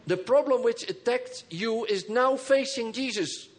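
A man preaching a sermon as pastor. He calls for responses from the congregation and swings between soft, low phrases and emphatic high bursts. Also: measured pace. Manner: engages the congregation with call and response.

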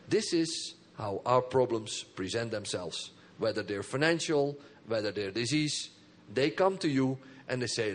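A man preaching a sermon in an animated way, often laughing and repeating his words. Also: mid-range voice, normal speed.

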